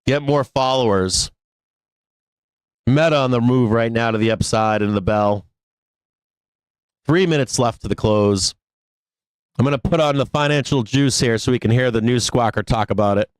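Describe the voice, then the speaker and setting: A man's voice: medium pitch, moderate pace, pauses often, smooth, dry recording. A middle-aged man hosting a live trading stream, ranting bluntly and sarcastically with plenty of swearing. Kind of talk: casual live-stream rant.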